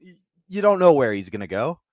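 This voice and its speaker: A man co-hosting a comedy podcast, riffing in an animated, profane way. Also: mid-range voice, fairly quick, no echo, muffled recording. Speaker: podcast co-host. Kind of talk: casual comedic chat.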